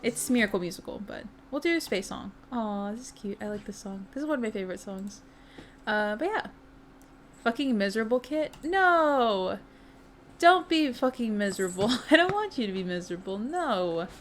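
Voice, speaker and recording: Streaming from home with faint music behind her, this young host talks to her viewers in a casual, bubbly way, calling out their names and swearing from time to time. Her fairly high, expressive voice moves at a normal speed, with a slight hiss or hum on the recording.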